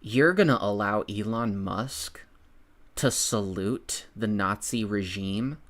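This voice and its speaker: A man's voice: fairly low pitch, slow pace, a bit bright. A man ranting in political commentary on a stream, sarcastic and swearing, mocking his opponents.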